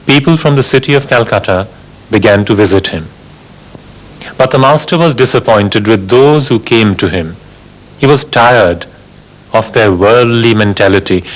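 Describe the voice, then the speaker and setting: Slow, reverent male documentary narrator. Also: medium pitch, low-quality recording. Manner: slow, measured, reverent reading. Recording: soft sitar music underneath.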